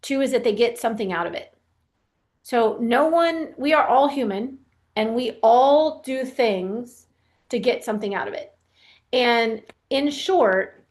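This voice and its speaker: Woman, coach, chatty, casual advice talk, fillers, slightly high voice. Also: lively intonation, a little slow. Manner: chatty, full of "like" and "you know", acts out kids' voices. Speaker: youth sports performance coach.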